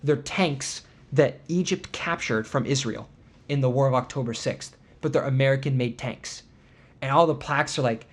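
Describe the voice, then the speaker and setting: Podcast guy ranting about a trip, gets all worked up, sarcastic, mid pitch. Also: moderate pace. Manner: animated indignant storytelling with sarcastic asides. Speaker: podcast host. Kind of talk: casual chat.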